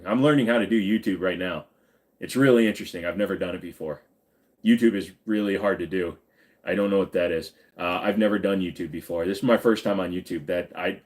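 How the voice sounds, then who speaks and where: Rambling, swearing man live streamer. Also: fairly low pitch. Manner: rambling, joking, swears freely, reads chat aloud. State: tired after hours of streaming. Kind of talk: casual live-stream chat.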